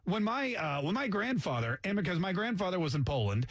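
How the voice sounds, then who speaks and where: A man's voice: sits high, very animated, fairly quick. A man hosting a talk radio show, talking casually with sarcastic jokes and asides. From Canada. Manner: sarcastic, mocks accents with jokey asides. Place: radio studio.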